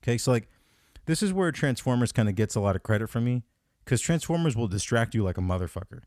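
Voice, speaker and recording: Talking fast in a dry, clean studio recording, this podcast host has a medium-pitched voice. He rants casually about a movie on his comedy show, swearing a lot in a profane, animated way and voicing his own thoughts as if quoting them.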